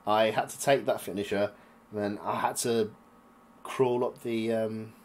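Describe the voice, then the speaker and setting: A man's voice: lowish voice, little pitch movement, unhurried. A young man casually commentating over footage of his old wrestling matches. He chats loosely, swears freely, laughs and drifts into asides. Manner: chatty, profane, laughs and trails off into asides.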